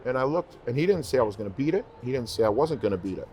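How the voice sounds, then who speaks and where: A man's voice: mid-range voice, expressive, racing, warm tone, slight background noise. A man, a guest in an interview, telling heartfelt stories in casual conversation and repeating phrases for emphasis. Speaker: interview guest, professional singer.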